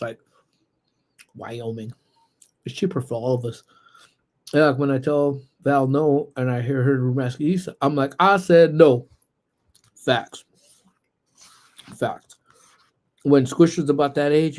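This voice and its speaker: A young man hosting a casual livestream from a laptop, chatting with viewers in relaxed slang. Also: mid-range voice. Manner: laid-back, slangy, greets chat viewers. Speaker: livestream host. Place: indoors at work.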